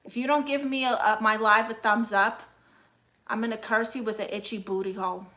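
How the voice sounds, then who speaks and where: A woman playing a brash, sassy aunt who hosts a livestream, reading viewer comments with deadpan scolding. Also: fairly high pitch, fairly quick. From Brooklyn, New York. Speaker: comedic livestream host character. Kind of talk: mockumentary livestream comedy.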